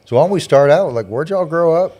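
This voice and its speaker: A man hosting a casual interview and asking relaxed questions. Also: on the high side, brisk. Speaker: podcast host.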